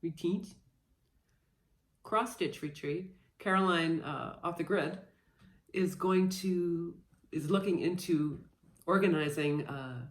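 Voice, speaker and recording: A woman's voice: on the low side, slow, pauses often. A woman in her thirties chatting casually and playfully as she shows off her cross-stitch haul, a bit scattered with lots of fillers. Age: 30s. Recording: echoey room.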